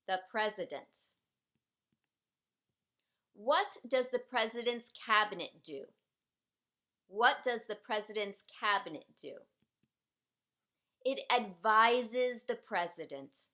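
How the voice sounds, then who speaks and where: Slow, bright-voiced woman teacher. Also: a little high, animated. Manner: patient, repeats questions and sentences for learners. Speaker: citizenship class teacher. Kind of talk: slow, clearly enunciated teaching.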